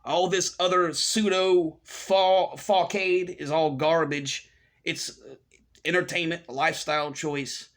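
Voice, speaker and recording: A middle-aged man hosts a commentary rant in a bright, sharp-edged voice that sits slightly high. He talks with open scorn, circling back over the same phrases, and mocks the people he criticizes. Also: level tone, slow pace. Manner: scornful, repetitive ranting with mocking voices. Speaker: commentary host. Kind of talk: ranting monologue.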